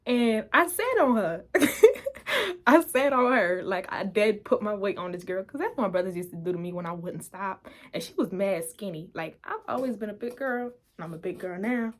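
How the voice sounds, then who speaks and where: A young adult woman vlogger telling a story in a casual, animated way, laughing often and acting out the quotes. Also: medium pitch, a little fast, few pauses.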